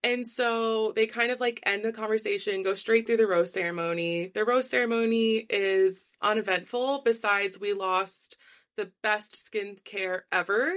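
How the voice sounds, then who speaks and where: A woman's voice: mid-range voice, fairly even intonation, measured pace, fairly bright tone. A woman co-hosting a podcast, chatting casually and gossipy, with lots of filler words. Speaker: podcast co-host. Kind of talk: casual recap chat.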